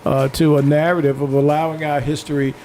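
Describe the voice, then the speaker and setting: A man co-hosting a political talk show who has been drinking, speaking bluntly with lots of "uh" pauses and some cussing. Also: fairly high pitch, little pitch movement, mellow, slight background noise. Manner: blunt and profane, with frequent "uh" hesitations.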